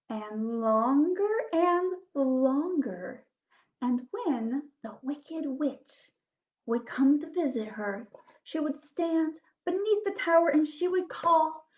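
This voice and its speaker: A woman reading fairy tales aloud at children's story time, slow and animated, dropping to soft whispers. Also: high voice. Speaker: children's librarian. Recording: dull lo-fi recording.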